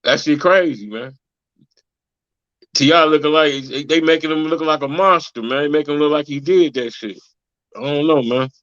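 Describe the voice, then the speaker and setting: A man's voice: fairly high pitch, moderate pace, fairly bright tone, no echo, lo-fi sound. A man co-hosting a podcast in casual, profane chat, ending many lines with "man.". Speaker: podcast co-host.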